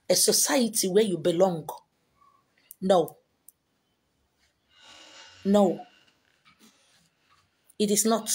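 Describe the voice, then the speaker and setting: A woman with a Nigerian accent holds forth to her viewers as a spiritual teacher. Her voice is husky and her pitch sits in the middle. She hammers her points home with repetition and pointed rhetorical questions. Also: darkish tone. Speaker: spiritual teacher selling handouts. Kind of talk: lecturing monologue to viewers.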